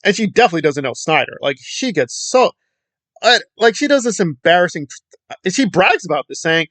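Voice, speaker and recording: Heated, rambling man with a lively voice. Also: sits high, brisk, no echo. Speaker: online film commentator. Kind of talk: ranting commentary.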